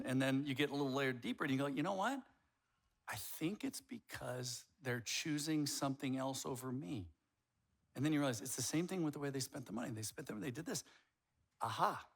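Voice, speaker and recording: A male pastor preaching a sermon, animated and conversational, acting out both sides of arguments and swinging from hushed lines to shouts. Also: mid-range voice.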